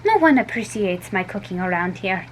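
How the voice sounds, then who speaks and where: A woman's voice: medium pitch, expressive, normal speed, slight background noise, natural voice, poor audio. A woman voicing Mrs Capello, a hospitable storybook mother with a slight Italian accent. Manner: hospitable, mock-wounded.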